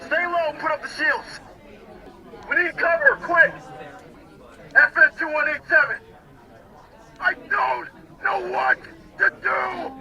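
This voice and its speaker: A man's voice: very high voice, slow, vocal fry, pauses often, pushed and bright, some chatter behind, exaggerated voice, low-quality recording. A man playing a frightened young soldier under fire, speaking urgently in film trailer dialogue. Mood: panicked. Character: young male soldier fleeing in battle, panicked.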